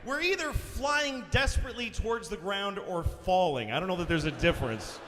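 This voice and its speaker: A man performing stand-up comedy on a live stage, telling a profane, animated story that rises to shouts. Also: sits high, normal speed. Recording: roomy hall reverb, faint noise.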